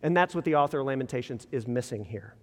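A man preaching a sermon in a casual, conversational way, full of rhetorical questions and quick restarts. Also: mid-range voice, animated. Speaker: pastor. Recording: long reverb in a large hall.

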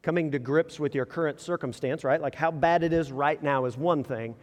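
Male pastor with a higher voice, conversational preacher who uses rhetorical questions, recorded in a reverberant hall. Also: a little fast. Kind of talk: sermon. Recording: long reverb in a large hall.

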